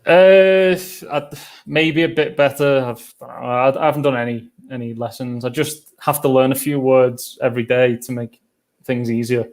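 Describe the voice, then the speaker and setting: A man's voice: mid-range voice, moderate pace. Field: man, casual storytelling guest. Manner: rambling anecdotal storyteller. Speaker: guest travel vlogger. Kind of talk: casual chat.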